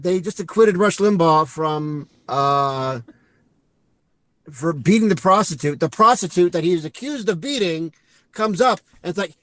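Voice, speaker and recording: A podcast co-host with a high-pitched, slightly bright voice recaps a movie casually and ramblingly, acting out lines with quick asides. The recording has no room sound.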